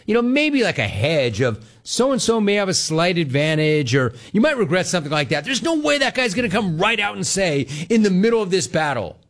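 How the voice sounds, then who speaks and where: A sports talk show host delivers opinionated commentary animatedly, mimicking people mockingly and laughing frequently. His voice sits high, and he speaks fairly quickly with hardly any pauses.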